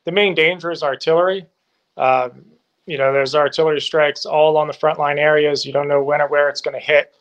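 A man's voice, pitched a little above the usual, gives assertive and analytical answers. He is a guest speaking remotely from abroad about life near a war zone. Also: fairly even intonation, brisk, a bit bright, lo-fi sound. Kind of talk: interview answers.

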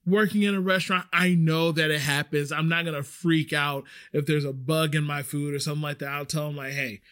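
Guy podcaster rambling thru a story, kinda high voice, lots of "like", swears a bit. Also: brisk. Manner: animated, chatty, swears, frequent filler "like". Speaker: podcast host. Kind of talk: casual storytelling.

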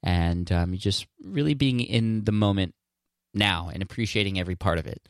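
A man's voice: sits low, moderate pace, dry recording, studio quality. A man in his thirties hosting a podcast, talking earnestly in a casual, rambling way with frequent restarts and fillers. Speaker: podcast host answering listener questions. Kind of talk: casual solo podcast talk.

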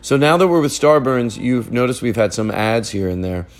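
A man hosting a podcast, chatting from a family living room. He rambles, loses the thread and jokes his way along. His voice sits at an ordinary middle pitch. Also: animated, moderate pace. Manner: rambling, joking storyteller, wanders off-track. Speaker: podcast host. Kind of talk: casual chat.

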